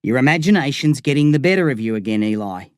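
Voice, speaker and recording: Man reading aussie bloke, firm and measured, stern but caring, dry close sound. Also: medium pitch, animated, clear, resonant tone, dry recording, lightly acted.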